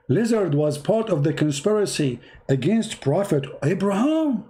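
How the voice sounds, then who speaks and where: A man's voice: on the high side, big pitch swings, unhurried, hardly any pauses, warm tone. A man giving mocking, emphatic religious commentary in non-native English, full of sarcasm. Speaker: religious debater.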